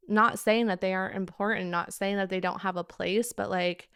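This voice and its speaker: A woman's voice: medium pitch, level tone, moderate pace, gravelly, fairly bright tone, smooth, no room sound, studio quality. A woman in her thirties, a relationship vlogger, talking casually to camera and reflecting candidly, with lots of fillers, as she tells a story.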